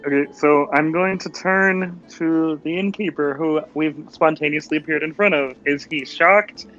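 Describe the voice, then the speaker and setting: A man's voice: fairly high pitch, unhurried, a bit bright, muffled recording, faint music behind. A man playing in a tabletop game, casual and full of questions. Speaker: player. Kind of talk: in-character tabletop play.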